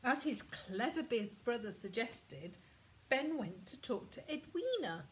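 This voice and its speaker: A woman reading a children's picture book aloud in a gentle, expressive storytelling manner. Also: a little high, a little slow, slight background noise, rough recording. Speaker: storybook reader.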